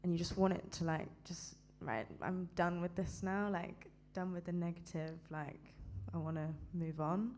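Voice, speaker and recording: A woman musician talks about her next song in a lowish voice. She is hesitant and halting, restarting her sentences with many fillers. A faint hum runs under her speech. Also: fairly even intonation, darkish tone. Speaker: singer-songwriter guest. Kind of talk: casual talk between songs.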